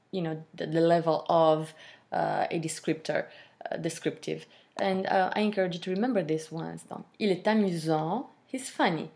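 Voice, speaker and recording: A woman teaching a French lesson, explaining slowly with fillers and modelling pronunciation. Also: on the low side, darkish tone. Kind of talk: language lesson.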